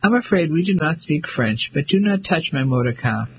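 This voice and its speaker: A man voicing a brisk young English lady who speaks in clipped, firm tones. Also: fairly high pitch, lively intonation, husky, heavily acted, low-quality recording.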